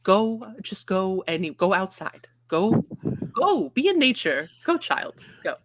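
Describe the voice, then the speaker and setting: A woman's voice: medium pitch, big pitch swings, takes it slowly, a little hiss or hum. A woman voicing a harassed mother who is shooing her child out of the house. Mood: exasperated.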